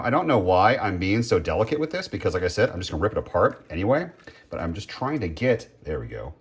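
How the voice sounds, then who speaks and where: A man casually chatting as he cooks at home, rambling, interrupting himself and filling gaps with ums and uhs. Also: lowish voice. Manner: rambling, self-interrupting, chatty with frequent fillers. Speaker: home cooking vlogger. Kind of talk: casual cooking commentary.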